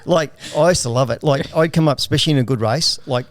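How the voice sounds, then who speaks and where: A man's voice: mid-range voice, fast, no room sound. Laughing, swearing man. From Australia. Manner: laughing, profane storyteller. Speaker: guest jockey. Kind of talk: casual podcast chat.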